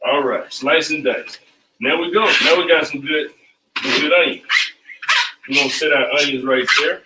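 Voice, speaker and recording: Male cooking host, slightly high, loose and repetitive, heard from a distance in a roomy kitchen. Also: normal speed, very noisy. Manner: loose, repetitive, chanting phrases. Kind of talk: casual cooking demo. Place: home kitchen. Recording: echoey kitchen, mic at a distance.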